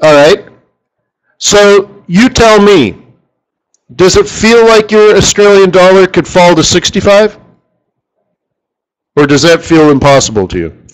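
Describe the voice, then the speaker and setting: A man hosting a live currency trading strategy session in front of a room, talking in an animated, joking way and firing off rhetorical questions at the audience. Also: high voice, a little slow, long pauses, poor audio.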